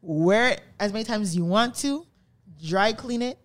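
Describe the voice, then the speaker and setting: A young woman hosting a podcast, talking in a blunt, profane and excitable way. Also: medium pitch, moderate pace. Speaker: podcast host. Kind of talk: casual chat.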